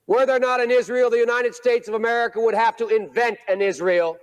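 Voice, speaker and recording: A man's voice: very high voice, steady tone, fairly quick, smooth, big-room sound. A man giving a formal, emphatic speech as a legislator on the floor. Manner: emphatic, declaratory.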